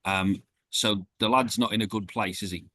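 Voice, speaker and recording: A man co-hosting a football chat show, speaking in a lowish voice. He states his views bluntly and does not hedge. The recording is dry, with no room echo. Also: fairly even intonation, normal speed, pushed and bright. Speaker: podcast co-host.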